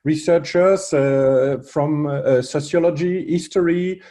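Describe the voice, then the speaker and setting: A man with a French accent presenting at a roundtable, pausing often with fillers and restarts. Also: fairly high pitch, mellow. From France. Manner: hesitant, many fillers and restarts. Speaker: panel speaker, researcher.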